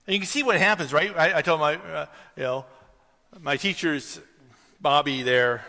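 A man's voice: a little high, measured pace, pauses often, sharp tone. A man preaching a conversational sermon, telling a story and then rising to emphatic questions. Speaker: pastor. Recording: reverberant hall.

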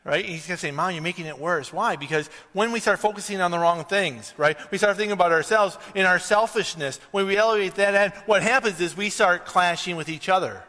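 A man gives a sermon in a relaxed, storytelling way, his voice fairly high and bright. He lifts into emphatic, pressing questions when he drives a point home. A long reverb from the church hall trails each phrase. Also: a little fast, few pauses. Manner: conversational, rises to emphatic questions. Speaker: pastor.

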